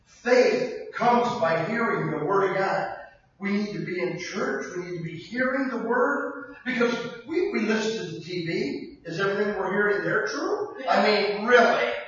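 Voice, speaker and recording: An older man preaching a sermon in a conversational way that breaks into sudden shouts, recorded from a distance in a church hall. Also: sits high, expressive, normal speed. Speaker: pastor. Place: church sanctuary. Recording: distant echoey hall, dull sound.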